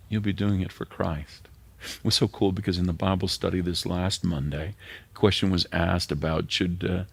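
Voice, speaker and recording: Man, pastor, sermon, deep voice, husky, middle-aged. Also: dry recording. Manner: earnest, drops to a near whisper at tender moments.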